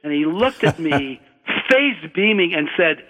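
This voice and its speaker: An older American man slowly tells a rambling personal anecdote on the radio, correcting himself as he goes. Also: a little high, lively intonation, sharp tone. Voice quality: unhurried, digressive, self-correcting. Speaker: storyteller, guest. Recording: tinny phone-like radio line with long hall reverb.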